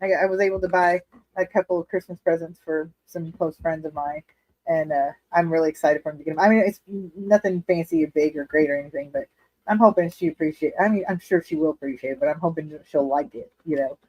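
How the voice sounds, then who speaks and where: Deep-voiced and brisk, this woman sounds mellow on a dry, low-quality recording. She's hosting a laid-back livestream from her living room, reading chat and talking openly with viewers while laughing a lot and swearing freely.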